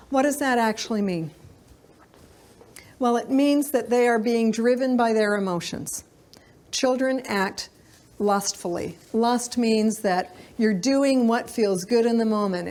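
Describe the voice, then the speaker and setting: A middle-aged woman gives a parenting seminar in a slightly high voice. She talks to her audience in a loose, conversational way, full of "um" and "you know". Now and then she briefly slips into the voice of a child or parent to make a point. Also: a little mellow. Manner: conversational, frequent fillers, acts out children's lines. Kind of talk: live lecture to parents.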